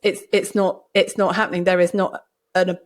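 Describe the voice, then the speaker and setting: A woman hosting a podcast, talking casually and telling stories in a lively way with many restarts. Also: fairly low pitch, moderate pace. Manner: lively storytelling with frequent restarts. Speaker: podcast host and doctor. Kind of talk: casual conversation.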